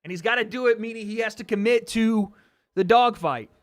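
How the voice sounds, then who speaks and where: A man's voice: high-pitched, brisk, no echo. A man hosting a livestream watch party, calling the punches live and swearing as the action builds. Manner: excitable, swearing, calls punches. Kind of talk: live fight commentary.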